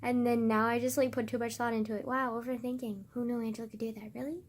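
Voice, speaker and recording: A woman's voice: fairly high pitch, little pitch movement, quick pace, noisy background. A young woman vlogging in a casual, rambling way, swearing often and sometimes dropping into a whisper.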